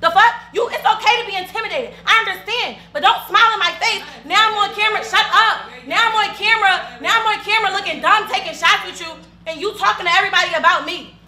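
A woman's voice: very high-pitched, fast talker, few pauses, sharp tone, roomy sound. A woman confronting another woman, profane and half-laughing as she presses her point. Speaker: reality show cast member. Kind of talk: heated confrontation.

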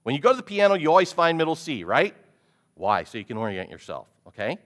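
A male pastor preaching a sermon, animated, often putting questions to the congregation. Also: a little high, quick pace.

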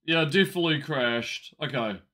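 A man's voice: fairly high pitch, moderate pace, sharp tone. A man casually commenting while he plays a game live, with wry, chatty reactions. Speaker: game streamer.

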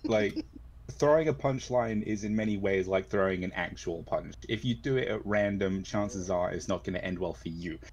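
Deep-voiced man, noisy chat line. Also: expressive, darkish tone. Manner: wordy, deliberate explaining. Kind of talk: casual chat.

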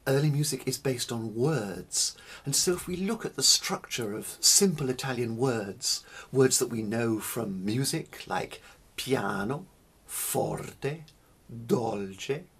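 Slow, breathy man giving a music lesson. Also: mid-range voice. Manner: slow and deliberate, stressing single words. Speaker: early music teacher. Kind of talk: spoken lecture on music.

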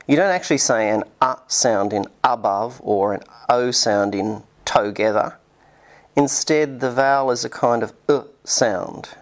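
Guy reading out a linguistics lesson, steady and explanatory, bit of vocal fry. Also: medium pitch. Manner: measured, explanatory. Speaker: linguistics lecturer. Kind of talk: scripted lecture narration.

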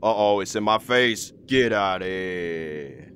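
Excitable, slangy man gaming in VR. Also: low-pitched, slow, slight background noise. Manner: excitable, slangy, swears freely. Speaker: VR gaming video host. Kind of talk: casual gameplay commentary. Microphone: VR headset setup.

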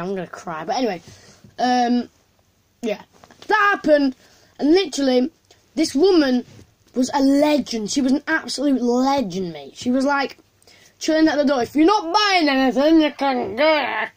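A woman's voice: high voice, a little mellow. A woman, casually telling a story to camera in a rambling way with lots of fillers and restarts.

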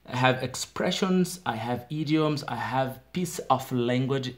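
A Brazilian man in his thirties, with a Brazilian Portuguese accent, chattily explaining English words in a casual video diary and often checking in with "okay?". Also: medium pitch. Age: 30s. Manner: chatty, self-deprecating, frequent "okay?" checks. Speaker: English learner vlogger.

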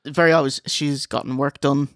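A man's voice: mid-range voice, fairly even intonation, no echo. Male co-host, wry and chatty, dry recording. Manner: wry, recaps with quick asides and laughs. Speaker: podcast co-host. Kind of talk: casual wrestling review chat.

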